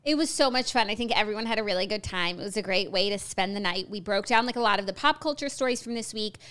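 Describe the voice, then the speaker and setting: A woman co-hosting a podcast in casual chat, giving quick, enthusiastic recaps. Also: mid-range voice, a bit bright, clean tone. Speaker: podcast co-host.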